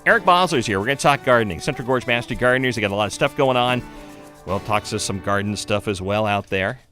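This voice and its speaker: A man's voice: on the low side, fairly bright tone. An older man hosting a morning radio show, reading the day's history with chatty, conversational asides. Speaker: radio host. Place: radio studio.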